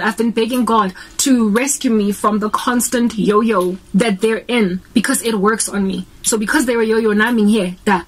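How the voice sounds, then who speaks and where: A young South African Christian vlogger with a South African accent preaches earnestly in a casual vlog, switching between English and Sesotho as she talks. Her voice is fairly high and husky.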